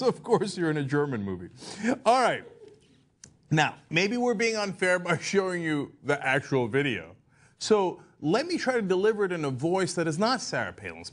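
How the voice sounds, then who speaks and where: Sarcastic high-voiced male commentary host. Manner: sarcastic, mocking, laughs at his own jokes. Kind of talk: satirical political commentary.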